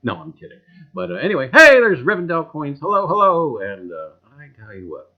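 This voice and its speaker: A man's voice: on the high side, wildly swooping pitch, a little fast. A man with a New Jersey accent hosting a casual livestream, folksy and full of catchphrases, greeting viewers by name. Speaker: livestream host. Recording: dull lo-fi sound.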